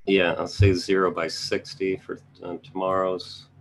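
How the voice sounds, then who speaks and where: A man with a low, gravelly voice talks offhandedly through option trades, thinking aloud and tossing quick asides to viewers. A faint hum sits under the recording. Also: little pitch movement. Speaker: trading educator reviewing charts. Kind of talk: casual live market commentary.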